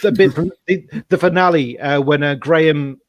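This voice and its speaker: A man's voice: fairly high pitch, normal speed, no room sound, highs cut off. A man in a casual chat who agrees often with short replies and makes wry remarks.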